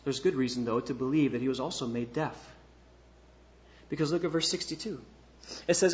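A man preaching a sermon, reading scripture and explaining it, moving between hushed, slow passages and loud, emphatic ones. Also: mid-range voice, lo-fi sound. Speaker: pastor.

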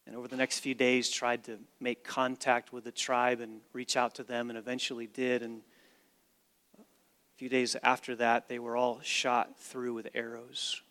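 A man preaching a sermon as pastor, with dramatic swings from hushed to loud and emphatic delivery. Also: medium pitch, completely flat delivery, normal speed. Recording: long reverb of a large hall.

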